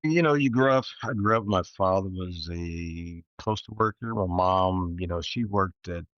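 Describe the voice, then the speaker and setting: Laid-back low-voiced man. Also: moderate pace, a bit bright, no room sound, muffled recording. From East Texas. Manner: laid-back, reflective, heavy on "you know" and "like". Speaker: guest entrepreneur. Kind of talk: casual interview chat.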